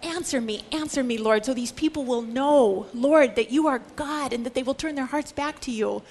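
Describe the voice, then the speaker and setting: A woman voicing a bold, defiant male Old Testament prophet with forceful, challenging declarations, set a little higher than her own voice. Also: normal speed, slight background noise. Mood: pleading.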